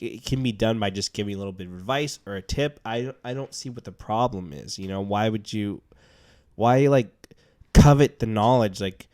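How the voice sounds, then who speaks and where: A man co-hosting a podcast, musing casually and haltingly, with many fillers. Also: on the low side, darkish tone. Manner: halting, filler-heavy musing with "like" and "you know". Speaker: podcast co-host. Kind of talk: casual chat.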